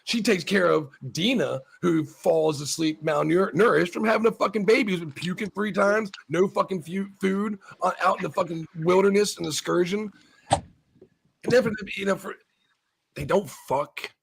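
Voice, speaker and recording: A man's voice: high voice, moderate pace, creaky, slightly rough. A man hosting a casual talk show, rambling profanely with many restarts as he argues his point. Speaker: podcast host. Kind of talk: casual chat.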